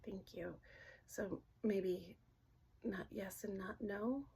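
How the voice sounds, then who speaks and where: A middle-aged woman gently asking questions aloud in a casual session, hesitant and often dropping to a whisper. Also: medium pitch, steady tone, creaky, slightly rough. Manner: soft-spoken, halting, often drops to a whisper. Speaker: dowsing-rod reader.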